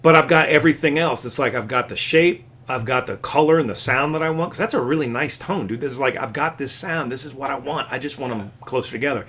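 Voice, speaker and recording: A man's voice: medium pitch, fast, hardly any pauses, fairly bright tone. Patient, encouraging male guitar teacher. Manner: patient, encouraging, explains with counting and images. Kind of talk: live guitar lesson.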